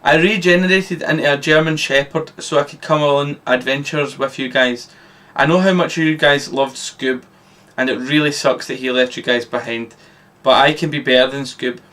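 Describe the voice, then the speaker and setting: A man's voice: mid-range voice, fairly even intonation, normal speed, fairly bright tone, far from the mic, close to an everyday voice. A man reading as a rash alien time traveller. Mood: chummy. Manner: plain read-aloud delivery.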